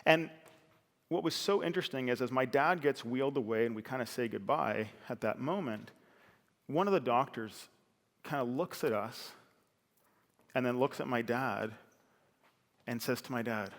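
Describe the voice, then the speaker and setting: A man's voice: medium pitch, moderate pace, long pauses, a bit bright. Earnest middle-aged man in an echoey hall. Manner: earnest, conversational, with fillers and restarts. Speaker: speaker at a talk. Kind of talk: personal storytelling talk. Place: large hall on a stage. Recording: reverberant hall.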